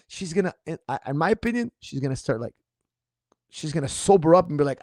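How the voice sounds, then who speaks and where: Answering viewers on a relaxed livestream, this martial arts coach talks fast in a slightly high, slightly strained voice. His delivery is animated, disbelieving, and mocking, and the studio-quality recording is dry.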